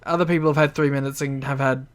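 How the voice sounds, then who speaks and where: A man's voice: medium pitch, fairly even intonation, quick pace, clear, resonant tone. A man co-hosting a podcast in casual banter, wisecracking and swearing freely. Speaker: podcast co-host.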